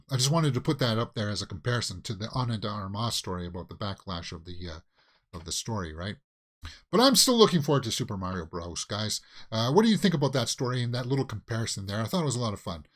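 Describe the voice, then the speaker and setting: A man's voice: on the low side, a bit bright. A man hosting a daily movie news show, giving casual, opinionated commentary with lots of fillers and restarts.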